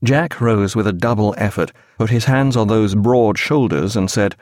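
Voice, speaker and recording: A man reading a sea novel aloud in measured, even scripted narration. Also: lowish voice, dry recording, studio quality. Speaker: audiobook narrator.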